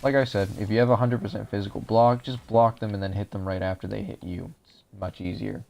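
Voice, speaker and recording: A man's voice: lowish voice, fairly even intonation, a little fast, creaky, a little mellow. A young man casually talking viewers through a game walkthrough, explaining each step as he plays, his voice a little dry. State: voice drying out. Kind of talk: casual gameplay commentary.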